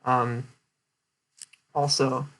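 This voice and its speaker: A man's voice: medium pitch, little pitch movement, very slow, fairly bright tone. Rambling young man recapping a presentation. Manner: rambling with many fillers and restarts. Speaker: streamer giving a presentation recap. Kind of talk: casual chat.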